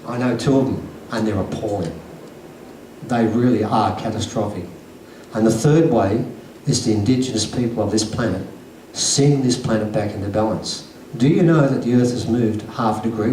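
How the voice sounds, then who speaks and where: A man's voice: mid-range voice, mellow, slight background noise. A man giving an earnest, emphatic talk to a conference audience, telling stories. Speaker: conference speaker. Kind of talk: lecture to an audience. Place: conference hall. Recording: echoey hall recording from a distance.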